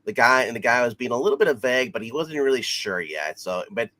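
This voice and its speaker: A man's voice: mid-range voice, lively intonation, fast, sharp tone. A man co-hosting a casual TV episode review, talking in a loose, rambling way with many fillers.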